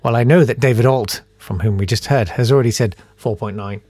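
A man's voice: mid-range voice, fairly quick, breathy edge, no room sound. A man hosting a podcast, telling a story about himself in a casual way and reading out emails from listeners. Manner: animated, self-deprecating, acts out voices in his anecdotes. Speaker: podcast host.

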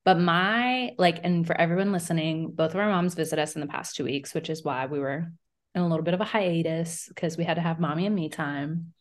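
Chatty woman hosting a podcast, lower voice. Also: brisk. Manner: animated storytelling, lots of "like" and acted-out quotes. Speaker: podcast co-host. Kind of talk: casual chat.

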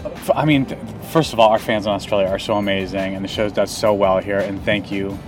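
A man's voice: fairly low pitch, steady tone, a little fast, far from the mic. Man, casual interview talk, restarts often, outdoors, off-mic sound, music playing. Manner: chatty, laughs easily, many restarts. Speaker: actor guest.

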